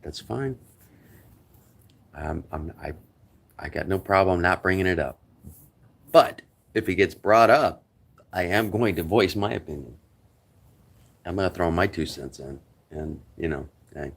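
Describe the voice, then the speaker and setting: A man's voice: deep voice, a little slow, gravelly, long pauses, slightly rough. A middle-aged man hosting a casual livestream, rambling chattily and greeting viewers by name. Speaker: livestream host.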